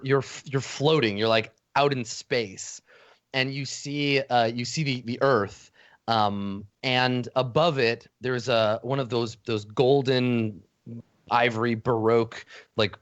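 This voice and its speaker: A man narrating a tabletop game as game master, halting, with many fillers and restarts. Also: mid-range voice, no echo. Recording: dull lo-fi dry audio.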